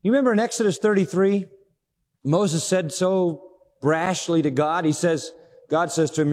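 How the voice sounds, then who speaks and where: A man's voice: unhurried, pauses often, in a large hall. A man preaching a sermon, who acts out the dialogue he quotes. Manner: expressive, acts out quoted dialogue with sweeping pitch.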